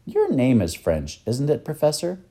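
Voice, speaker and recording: A man's voice: mid-range voice, huge pitch swings, moderate pace, mellow, slightly rough, pitched above the performer's own voice, heavily acted. A man voicing a clever, matter-of-fact schoolboy in a storybook reading. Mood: plain. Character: clever schoolboy, a bit of a know-it-all.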